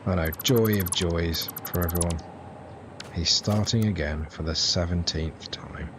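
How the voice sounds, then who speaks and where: A man's voice: low voice, a little slow, background noise. A man streaming a building game, chatting to his viewers in a rambling, jokey, self-deprecating way. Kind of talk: casual gameplay live stream chat. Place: home setup, streaming off a laptop. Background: game music.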